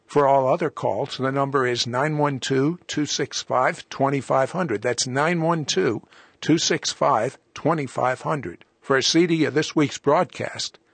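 An older man hosting a radio interview and reading out offers and contact details briskly. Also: breathy edge, dry recording. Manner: brisk, pitch-reading announcer. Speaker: host.

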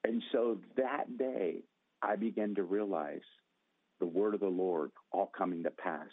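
Lower-pitched male guest, storytelling testimony, lively quoted voices, narrow tinny phone-like sound. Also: a little slow, no echo. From Northern California. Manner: dramatic, acts out quotes with raised pitch. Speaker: guest telling his testimony.

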